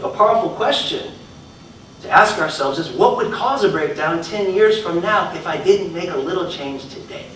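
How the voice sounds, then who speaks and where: Male motivational speaker, high voice, very roomy hall, mic at a distance, lively storytelling with repeated phrases. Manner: animated storytelling, swings between loud bursts and quiet lines. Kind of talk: live inspirational talk. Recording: echoey hall from far off, faint noise.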